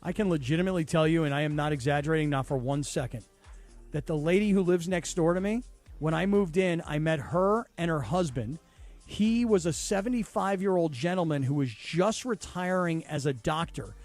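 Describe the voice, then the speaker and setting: A man hosting a sports radio talk show, telling a story in an animated, emphatic way. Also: a little high, a little fast, soft background music.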